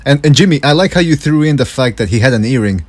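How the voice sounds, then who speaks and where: A man's voice: medium pitch, expressive, fast talker, breathy edge. Joking man on a podcast. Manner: chatty, jokey storyteller who drops into mock voices. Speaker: podcast co-host. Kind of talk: casual chat.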